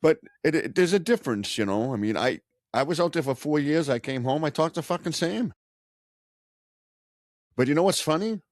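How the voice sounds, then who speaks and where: A man with a Boston accent hosting a podcast, telling stories in a loose, profane, animated way. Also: on the high side, fast talker, hardly any pauses, no room sound, studio quality. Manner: animated, swearing storyteller. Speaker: podcast host. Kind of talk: casual profane chat.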